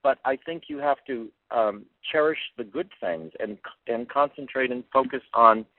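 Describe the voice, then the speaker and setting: A man's voice: medium pitch, normal speed, no echo. Give me an earnest older man coaching skaters, heard over a thin phone line. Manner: earnest and plainspoken, repeats words as he thinks. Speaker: figure skating coach. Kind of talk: interview answers. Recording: tinny phone-line sound, dry.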